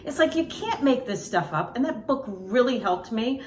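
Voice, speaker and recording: A middle-aged woman with a high voice tells personal stories straight to her viewers, earnest and emotional, often restarting her sentences. She sounds a little distant from the mic. The room around her is echoey. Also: animated, normal speed, darkish tone, a little hiss or hum.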